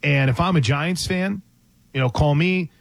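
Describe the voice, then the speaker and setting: A man co-hosting casual sports talk, his voice recorded close and dry. His voice sits slightly high for a man. He is chatty and animated and thinks through his points out loud. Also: normal speed, vocal fry, dry recording. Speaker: podcast co-host.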